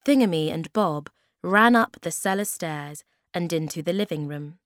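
A woman reading a children's storybook aloud in a slow, clear, expressive way. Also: fairly low pitch, no echo, studio quality.

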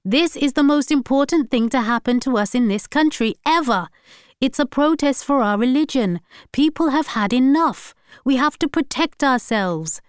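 A woman's voice: high-pitched, animated, normal speed, smooth, no room sound, clean studio sound, pitched above the performer's own voice. A woman reading the part of an irritable husband who lectures his wife. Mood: scolding. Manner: scolding, lecturing. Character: stern older husband, irritable and preachy.

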